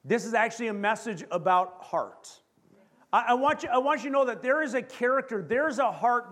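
A pastor with a Canadian accent preaching a lively sermon, asking the congregation questions and slowing down to stress key phrases. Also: male voice, very high voice.

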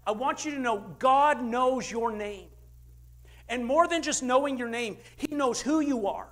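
An older man preaching a sermon as a pastor, emphatic, with big swings in pitch and loudness. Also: measured pace.

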